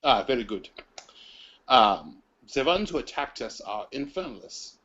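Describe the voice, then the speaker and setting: A man's voice: medium pitch, sing-song, fairly bright tone, muffled recording, a little hiss or hum. A man playing a blunt, hulking vampire brute. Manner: blunt, curt, deliberate. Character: stooped, hugely muscled male vampire, blunt.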